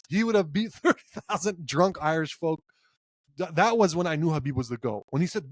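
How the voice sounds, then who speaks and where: Lively higher-voiced man, dry sound. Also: a little fast, dry recording. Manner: animated storyteller, acts out quotes, laughs often. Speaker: podcast co-host. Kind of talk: casual sports chat.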